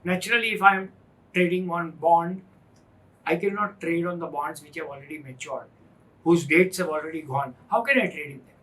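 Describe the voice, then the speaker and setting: Man, Indian English accent, finance lecturer, bright forceful tone, repeats key points. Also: on the high side, moderate pace, low-quality recording. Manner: emphatic, repeats points, asks rhetorical questions. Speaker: finance instructor. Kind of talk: classroom lecture.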